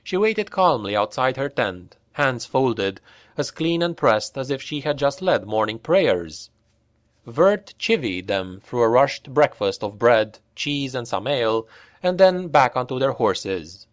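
A man narrating a dark fantasy audiobook at a steady, measured pace, in a voice of middle pitch. The recording is dry and close, with no room echo.

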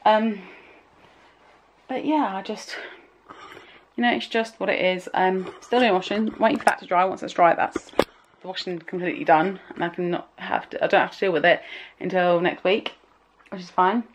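A woman's voice: lowish voice, fairly even intonation, moderate pace, pauses often, slight background noise. A young woman chatting casually at home for her vlog, rambling and emotional, often trailing off mid-thought. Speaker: vlogger.

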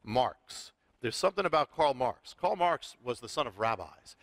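A middle-aged man, a rabbi, teaching Bible prophecy on a talk show in an animated, storytelling way, often restarting and repeating words. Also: mid-range voice, moderate pace, no room sound. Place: TV studio with audience.

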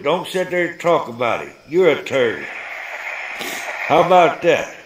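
A man's voice: a little high, big pitch swings, a little slow, long pauses. A man with a drawl, a paranormal investigator taunting spirits in a mocking, provoking way inside an abandoned church. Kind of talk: taunting spirits on a ghost hunt vlog. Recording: echoey empty building, background noise.

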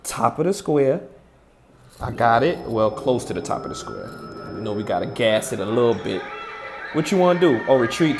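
A young man talking over his own basketball highlights, boasting and calling each move in quick play-by-play bursts. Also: animated, over music. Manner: boastful trash talk, quick play-by-play calls. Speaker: basketball player.

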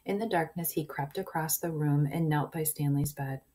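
A woman reads a children's chapter book aloud in a low, mellow voice. She narrates with animation and drops into hushed whispers at the tense parts. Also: normal speed, slight background noise. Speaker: reader.

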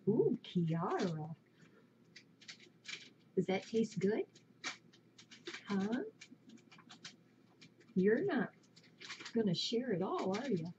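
A woman talking to her pets in a soft, cooing, baby-talk manner. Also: mid-range voice, very animated, very slow, pauses often. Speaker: pet owner talking to her animals. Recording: dull lo-fi home recording with clear background noise.

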